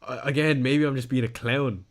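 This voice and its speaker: A young man hosting a fantasy football stream talks casually, reading out viewers' comments and laughing at his own errors. His medium-pitched voice stays fairly even in intonation at a normal speed.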